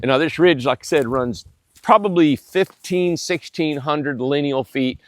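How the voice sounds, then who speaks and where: A man with a head cold and a nasal voice, giving a casual, folksy sales tour of building lots outdoors on a windy ridge. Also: unhurried. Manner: folksy, plainspoken, pitching to viewers. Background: wind.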